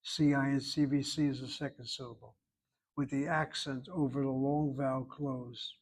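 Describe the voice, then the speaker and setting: A man's voice: medium pitch, steady tone, moderate pace. A man teaching a Hebrew grammar lesson, patiently explaining verb forms and careful pronunciation.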